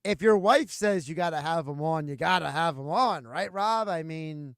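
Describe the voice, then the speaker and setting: A man's voice: a little high, moderate pace, no room sound. A man hosting a sports radio show from a studio, plainspoken and joking. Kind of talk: casual sports radio talk.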